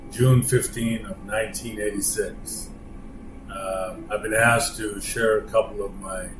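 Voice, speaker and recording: A man sharing workplace stories in a plainspoken, halting way, recorded in an echoey room with an air-conditioning hum. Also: fairly low pitch. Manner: plainspoken, halting with frequent pauses. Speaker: longtime company employee sharing stories. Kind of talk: casual storytelling.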